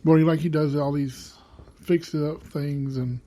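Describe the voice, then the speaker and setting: A podcast host, a man, rambles through a casual monologue on his own show, recorded on a home desk mic, with lots of fillers and restarts. His voice is a little high and warm, with a steady tone and a moderate pace.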